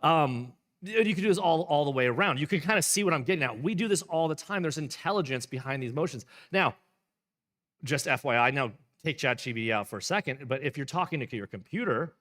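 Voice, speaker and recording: A man's voice: on the high side, animated, fairly quick, fairly bright tone, in a large hall. A man, a pastor, reading a book aloud and explaining it in a casual, rambling way with playful asides. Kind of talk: live book reading with commentary.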